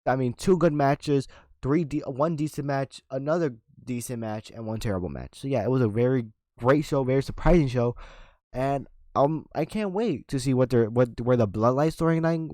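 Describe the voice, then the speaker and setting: A man rattles through a wrestling recap in an excitable, rambling way, full of restarts and punchy sound effects. His voice sits in an ordinary middle pitch. The sound is dry and close, with no room around it. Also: no room sound. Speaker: wrestling reviewer.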